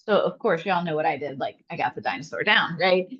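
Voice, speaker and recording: A woman therapist answering interview questions, telling stories in an animated way and speaking straight to her listeners. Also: low-pitched, fairly quick, breathy edge. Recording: slightly dull lo-fi audio.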